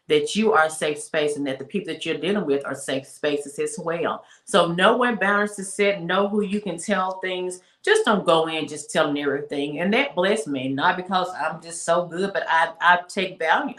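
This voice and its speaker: A woman with a low voice gives a casual, faith-based talk in a roomy, echoing space. She preaches her points with emphasis, circles back to repeat them, and slows right down to drive them home. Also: a bit bright. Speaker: speaker and women's mentor on a talk show. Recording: roomy echo.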